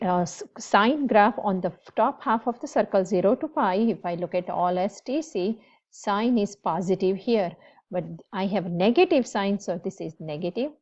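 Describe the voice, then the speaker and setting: A woman's voice: mid-range voice, darkish tone. A woman math teacher giving a classroom lecture, explaining step by step and repeating key points. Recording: slightly dull lo-fi recording.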